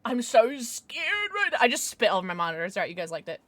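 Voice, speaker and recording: A woman streamer chatting casually while playing chess, excitable and giggly, with squeals and hushed mutters. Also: medium pitch, quick pace, no echo.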